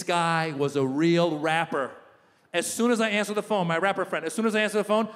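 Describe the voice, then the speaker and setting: A middle-aged man doing an animated stand-up comedy set, acting out the voices of people in his stories. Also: high voice, fast, slight background noise. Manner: animated storytelling, acts out voices of others. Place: large theater stage. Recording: live hall reverb with audience ambience.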